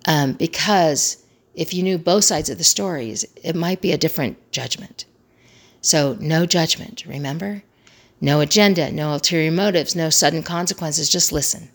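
A woman with a slightly low voice teaches crisis communication skills. She speaks earnestly in a motivational way and returns to her key phrases again and again for emphasis. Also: normal speed.

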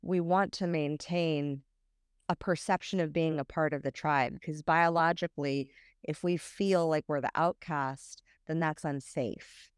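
A woman hosting a podcast, coaching her guest in an encouraging, measured way. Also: deep voice, steady tone, clear, resonant tone, dry recording, clean studio sound. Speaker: podcast host and communication coach. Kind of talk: coaching interview.

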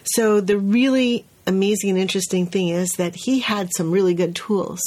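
A woman's voice: medium pitch, moderate pace. A woman who teaches at a preschool, co-hosting a podcast and telling a story in casual conversation, acting out the quoted voices and often restarting her sentences. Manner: animated, acts out the quoted voices of others; frequent restarts and "you know" fillers.

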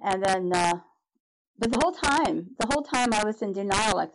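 A woman's voice: medium pitch, animated, normal speed, low-quality recording. Earnest middle-aged woman telling her story. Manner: earnest, candid, restarts often. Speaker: guest. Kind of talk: personal storytelling in a podcast interview.

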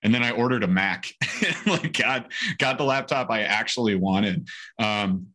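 A young adult man casually telling a story on a sales podcast, animated and acting out the voices of the people in it. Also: fairly low pitch, a little slow. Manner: animated, acts out quoted voices. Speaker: podcast co-host, sales trainer.

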